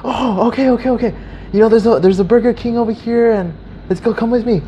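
A man doing a high, pleading street beggar. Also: steady tone, creaky, dark tone, muffled recording, a little hiss or hum. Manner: pushy, insistent, rapid repeats.

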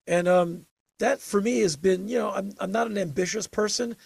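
An older man telling stories in a casual interview, emphatic and animated, with sudden bursts of energy. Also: high voice, normal speed, creaky, breathy edge, no room sound. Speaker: interview guest.

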